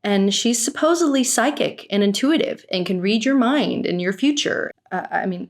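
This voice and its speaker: Brief: young woman vlogger, middle-pitched voice, sarcastic and exasperated reacting to a show. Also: expressive, normal speed, hardly any pauses. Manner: exasperated, sarcastic, outspoken with swearing. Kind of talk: casual reaction commentary.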